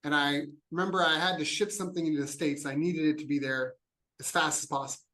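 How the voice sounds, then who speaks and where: A man's voice: fairly high pitch, steady tone, fast talker, bright, forceful tone, rough recording. A man from Canada hosting a podcast, asking questions and rambling into side anecdotes with frequent restarts. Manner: rambling, tells anecdotes, self-interrupting. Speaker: podcast host. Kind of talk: conversational podcast interview.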